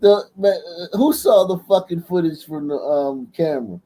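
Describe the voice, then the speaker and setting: High-voiced man, blunt profane commentary. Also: animated, moderate pace, mellow, a little hiss or hum, poor audio. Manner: laughing, blunt, repeats "man". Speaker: livestream host.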